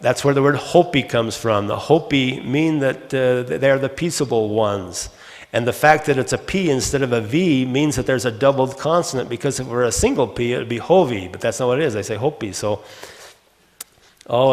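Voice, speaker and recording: A man giving a conference lecture, reading out lists of words and their meanings at a brisk clip, often pausing with uh and restarting words. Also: medium pitch. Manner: rapid, fills with uh, restarts words, reads word lists aloud. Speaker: conference speaker. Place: conference hall. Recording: long hall reverb.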